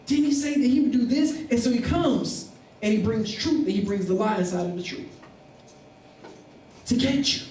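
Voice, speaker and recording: Pastor guy preaching, pretty high voice, sounds far off in a big echoey room. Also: moderate pace, long pauses, a little hiss or hum. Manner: animated preaching, acting out voices of people in the story. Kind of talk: sermon. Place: church. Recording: echoey room, mic at a distance.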